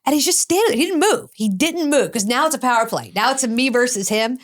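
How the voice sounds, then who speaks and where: A woman's voice: fairly high pitch, lively intonation, fast. A middle-aged woman, an addiction specialist, telling a story in an interview, acting out both sides of the dialogue with blunt, cursing energy.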